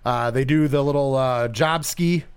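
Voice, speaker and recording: A man hosting a podcast in casual chat, animated and profane, rambling with restarts. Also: medium pitch, moderate pace, clear, resonant tone. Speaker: podcast host.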